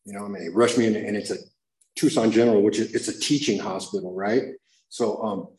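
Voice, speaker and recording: A man's voice: lowish voice, steady tone, a little fast, a little mellow. A man telling his personal recovery story to a room full of people in a raw, confessional way. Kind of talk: personal testimony to a live audience. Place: room with an audience. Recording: echoey room.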